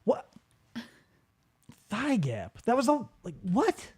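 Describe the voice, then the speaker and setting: Animated, wisecracking woman co-host. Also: a little high, takes it slowly, breathy edge. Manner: wisecracking, profane, acts out lines. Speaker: radio show co-host. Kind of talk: casual comedic chat.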